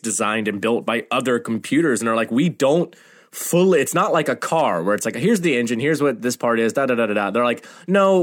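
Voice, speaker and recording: Chatty, enthusiastic man co-hosting a podcast. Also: medium pitch. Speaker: podcast co-host. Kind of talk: casual film discussion.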